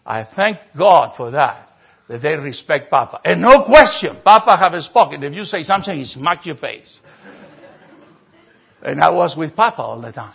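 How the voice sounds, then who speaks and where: An older man, a pastor telling a story in a sermon, animated and acting out voices. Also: fairly high pitch, normal speed, creaky, slightly rough. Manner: animated, acts out voices and laughter. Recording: dull lo-fi sermon recording.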